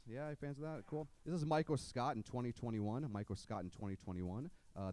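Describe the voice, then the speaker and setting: A man's voice: mid-range voice, fairly quick, a little mellow. A man doing stand-up comedy, dropping dry one-liners and mock-earnest impressions. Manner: sings comic songs to guitar. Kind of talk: stand-up comedy with sung parody songs. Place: comedy club stage.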